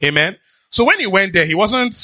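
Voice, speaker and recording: A pastor with a Nigerian accent preaching in an animated, conversational way, slipping into pidgin asides. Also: male voice, high voice, fairly quick, no echo. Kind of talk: sermon.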